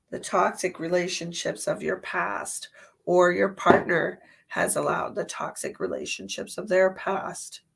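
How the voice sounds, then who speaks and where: Woman, psychic livestream host, stuffy nose, heavy vocal fry, chatty and rambling. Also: lowish voice. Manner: chatty, rambling, laughs at herself. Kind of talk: casual livestream chat and tarot reading.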